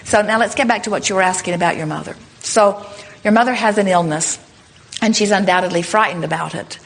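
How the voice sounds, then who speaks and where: A woman teaching a live workshop audience and answering their questions. She speaks emphatically, explains patiently and acts out short quoted lines. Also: medium pitch. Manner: emphatic and explanatory, often saying "in other words" and "you see".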